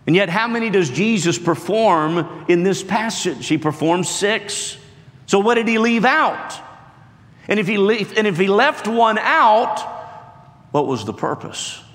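A man preaching a sermon with emphatic delivery, acting out quotes with rising and falling pitch. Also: expressive, a little slow, a bit bright. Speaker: pastor. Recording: echoey hall reverb.

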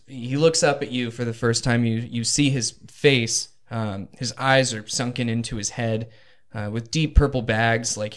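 A man narrates a tabletop game as game master at an unhurried, deliberate pace. He pauses often on ums and restarts while he pictures the scene. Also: mid-range voice, smooth. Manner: slow and hesitant, full of ums.

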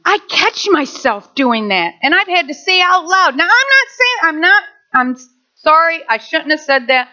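A middle-aged woman pastor preaching a sermon, animated, with asides and rhetorical questions. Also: extremely high pitch, normal speed. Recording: dull lo-fi recording.

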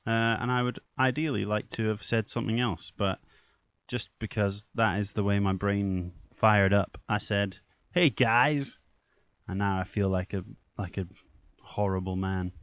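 A young adult hosts his own casual solo podcast, rambling, poking fun at himself, and swearing now and then. His voice is on the low side, flat in delivery and moderately paced. The recording is dull, lo-fi, and dry, with no echo.

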